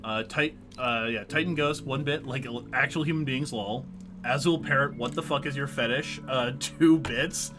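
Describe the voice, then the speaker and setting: A man's voice: medium pitch, normal speed, a bit bright, soft background music. A man co-hosting a casual live stream, rambling with many fillers and restarts and reading chat comments aloud. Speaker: streamer co-host.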